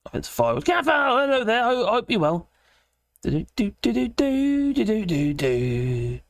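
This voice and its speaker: A hoarse woman with a British accent hosting a casual live political chat, laughing often and greeting viewers by name. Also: fairly high pitch, very animated, brisk, fairly bright tone, no echo. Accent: British English. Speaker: livestream host.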